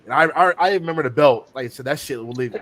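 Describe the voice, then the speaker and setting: A man of middle pitch talks things over on a casual podcast. He is thoughtful and somewhat halting, with many restarts. Faint noise hums behind him. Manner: reflective, thoughtful, a bit hesitant. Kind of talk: casual chat.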